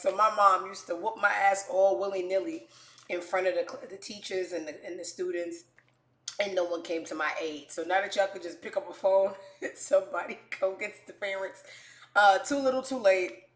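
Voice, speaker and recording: A woman hosting a show, telling stories in a brash, profane way, swinging from quiet asides to loud outbursts. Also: medium pitch, steady tone, normal speed, reverberant. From New York. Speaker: show host. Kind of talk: casual comedic storytelling.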